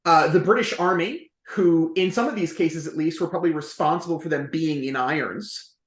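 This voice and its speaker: A man speaking as a historian guest on an interview podcast, explaining in a lively, quick way with jokey asides. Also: on the high side, roomy sound.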